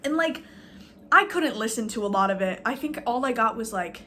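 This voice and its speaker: A woman's voice: a little high, expressive, normal speed, bright, forceful tone, a little hiss or hum. Woman in a rambling sarcastic rant. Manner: sarcastic, filler-heavy, swears casually. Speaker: vlogger.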